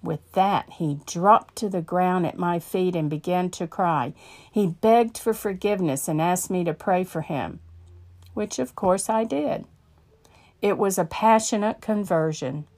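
A woman narrating a story in a measured, earnest way. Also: on the low side, darkish tone.

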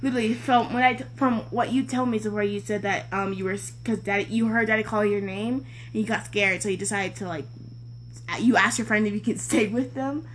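A woman's voice: mid-range voice, a little fast, a little hiss or hum. A young woman casually telling a family story, acting out what everyone said and laughing as she goes. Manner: animated storytelling, acts out quoted voices, laughs often. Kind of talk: casual chat.

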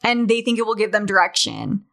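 A woman's voice: medium pitch, very animated, fairly quick, gravelly, a bit bright. A woman in her late twenties from Utah, hosting her podcast in a candid, chatty monologue, often laughing. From Utah, USA. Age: 20s. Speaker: podcast host. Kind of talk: casual monologue.

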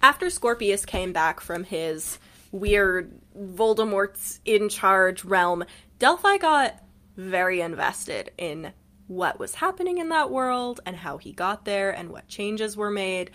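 A woman's voice: mid-range voice, very animated, takes it slowly, bright, forceful tone. A woman co-hosting a casual book podcast, wry and critical, laughing often as she retells scenes. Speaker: podcast co-host.

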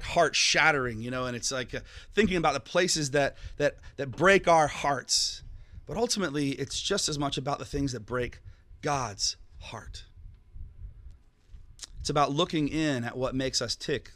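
A man preaching a sermon as a pastor, conversational and animated, acting out quick bits of dialogue with jokes along the way. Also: mid-range voice, no room sound.

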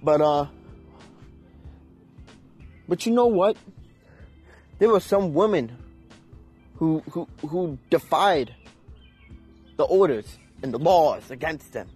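A man's voice: a little high, expressive, slow pace, pauses often, a little mellow, breathy edge, faint music behind. A young man ranting in an unscripted, heated and profane way, with emphatic delivery. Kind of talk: unscripted rant.

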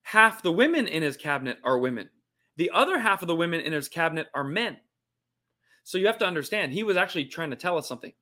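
A man's voice: a little high, big pitch swings, fast talker, sharp tone. A male comedian and podcast host talking playfully between impressions. His voice sits a little above the usual for a man. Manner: playful, jumps into put-on voices. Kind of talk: comic impressions bit.

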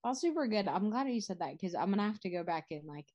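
A young woman co-hosting a casual faith podcast, chatty and reflective, with quick asides. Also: mid-range voice, expressive, darkish tone, highs cut off. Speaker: podcast co-host. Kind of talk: casual chat.

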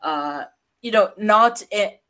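A woman's voice: medium pitch, expressive, takes it slowly, a bit bright. A woman co-hosting a casual podcast from her home office, chatty and self-mocking, often restarting her sentences. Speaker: podcast co-host. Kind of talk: casual chat.

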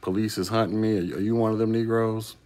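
A man's voice: on the low side, steady tone, quick pace, a little mellow. A man hosting a casual YouTube talk, answering a viewer's comment with rhetorical questions.

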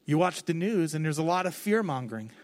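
High-voiced male pastor telling a story. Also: fairly quick. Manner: candid storytelling with a lively, expressive delivery. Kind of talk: conversational sermon. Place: on stage before a congregation.

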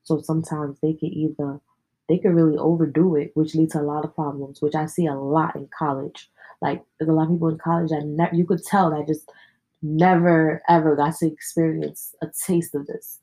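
A young woman with a low, husky voice talks casually on a podcast. Her tone is dark and mellow, and her delivery is slangy and candid, with a lot of profanity. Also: level tone, moderate pace, rough recording. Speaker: podcast host. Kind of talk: casual storytelling chat.

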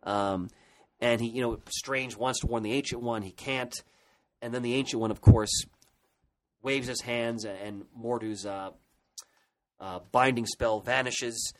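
A man's voice: medium pitch, steady tone, a little slow, low-quality recording. A man co-hosting a podcast, retelling comic book history in an enthusiastic, rambling way with many restarts. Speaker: podcast co-host. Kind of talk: casual podcast discussion.

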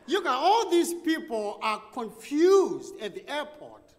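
A male preacher with a very high voice tells a story in an animated, dramatic way, his pitch leaping and dropping. A long reverb trails each phrase, as in a large church sanctuary. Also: measured pace, hardly any pauses. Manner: animated, dramatic storytelling with sudden drops and rises. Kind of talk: sermon storytelling.

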